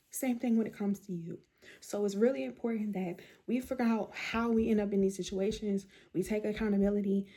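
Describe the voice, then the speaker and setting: A woman's voice: fairly high pitch, warm tone. A middle-aged woman giving emphatic, repetitive, direct self-help advice to her viewers. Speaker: mental health content creator. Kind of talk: motivational talk to camera.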